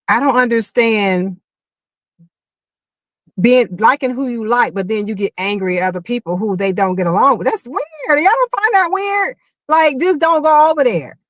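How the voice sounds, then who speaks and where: A woman co-hosting a casual livestream chat, expressive and asking viewers rhetorical questions. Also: on the high side, no room sound. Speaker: livestream co-host.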